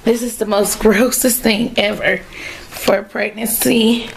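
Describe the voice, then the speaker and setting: A woman's voice: a little high, steady tone, slow, gravelly, a little hiss or hum, low-quality recording. A young woman, chatting casually to her viewers in a vlog, a bit out of breath, recorded on a phone. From North Carolina, US. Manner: chatty, talks straight to viewers. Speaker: vlogger. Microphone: phone held at arm's length.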